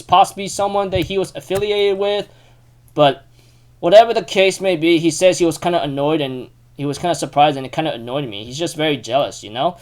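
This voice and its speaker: A man casually recapping an anime episode, rambling with lots of fillers like "you know" and "um". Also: on the high side. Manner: rambling, heavy use of fillers.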